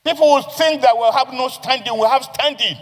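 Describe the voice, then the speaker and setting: Nigerian male senator, high voice, repetitive oratory, reverberant chamber recording. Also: brisk. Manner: forceful, declamatory oratory with repeated phrases. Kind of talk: parliamentary floor speech. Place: legislative chamber.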